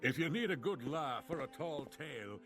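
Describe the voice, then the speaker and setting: A man's voice: fairly high pitch, lively intonation, normal speed. An actor playing a genial, welcoming male guild member in a fantasy video game.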